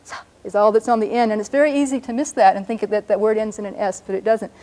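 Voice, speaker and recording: A woman teaching a language lesson on a broadcast show, patiently explaining and slowing down to sound out words. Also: medium pitch, fairly even intonation, warm tone.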